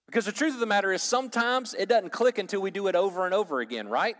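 A man preaches a teaching sermon to his congregation, talking casually and tossing questions to the room. His voice sits a bit high for a man. The sound rings with a long hall reverb. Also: expressive, quick pace, a bit bright. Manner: conversational, asks the audience questions, jokes. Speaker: pastor or Bible teacher.

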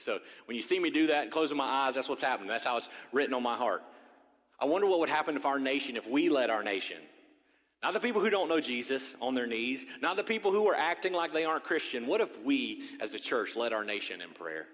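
A man preaching a sermon as pastor, animated, swinging between loud declarations and hushed asides, with a conversational, joking manner. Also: mid-range voice. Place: church sanctuary. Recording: long reverb of a church hall.

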